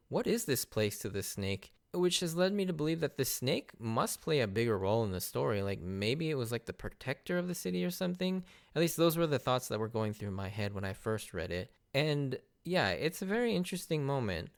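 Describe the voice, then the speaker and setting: Smooth-voiced man recapping anime. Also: mid-range voice. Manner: enthusiastic, laughs often, mimics character lines. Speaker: podcast host. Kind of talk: casual anime recap commentary.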